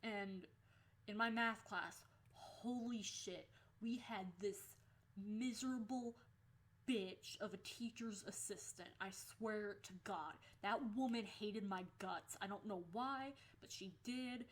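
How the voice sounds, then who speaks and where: A young woman in a casual storytelling vlog, with a voice that sits in an ordinary middle pitch. She talks candidly and swears freely, laughing her way through the tale. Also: slow pace. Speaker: vlogger.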